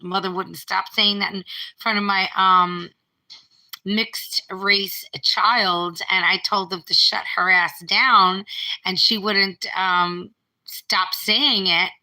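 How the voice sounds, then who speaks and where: Bright-voiced woman chatting on a phone live stream. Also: mid-range voice, steady tone, slow, poor audio. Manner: rambling, reads out viewer comments, restarts often. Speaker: livestreamer. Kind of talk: casual live-stream chat. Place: home.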